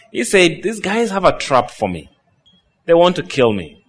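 A man preaching a sermon, reading scripture slowly and then retelling the story with quoted lines. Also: mid-range voice, very animated.

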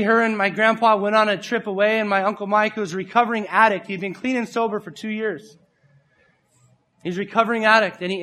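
High bright-voiced man preaching a sermon. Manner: animated, acts out laughs and voices of others.

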